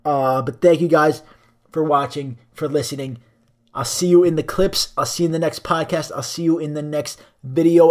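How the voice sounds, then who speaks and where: A young man with a slightly high voice rants through his solo podcast, crude and profane as he rambles from one jab to the next. He talks into a cheap microphone. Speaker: podcast host.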